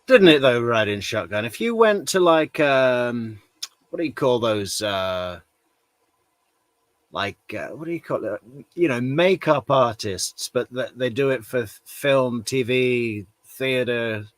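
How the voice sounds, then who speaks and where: A man hosts a true crime commentary in a relaxed, casual way, with laughs and restarts as he talks. He speaks slowly at a middle pitch, and his voice is dry and close to the mic. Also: no room sound.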